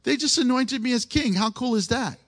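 A man voicing a proud young man just made king, who exclaims in excited delight during a sermon. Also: extremely high pitch, brisk, pitched above the performer's own voice. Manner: bright, boastful, excited exclaiming.

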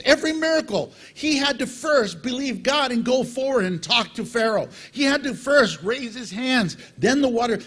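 A middle-aged man preaching a sermon as pastor, animated and acting out little dialogues with God. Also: very high voice, breathy edge.

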